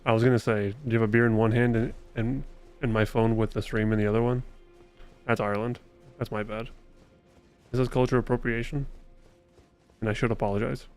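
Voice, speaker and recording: A man's voice: medium pitch, fairly even intonation, a little fast, darkish tone, soft background music. A man streaming a video game live, chatting casually and a bit profanely with his viewers as he plays, rambling from thought to thought. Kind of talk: casual live-stream chat while gaming.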